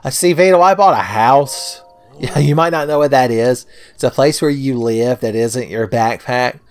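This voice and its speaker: A man's voice: medium pitch, moderate pace, clean tone. A man giving casual, joking commentary over a video game, swearing freely and breaking into laughter. He talks into a home microphone set close. Faint game music plays underneath. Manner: profane, joking, laughs often. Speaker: let's play host. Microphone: home mic, close.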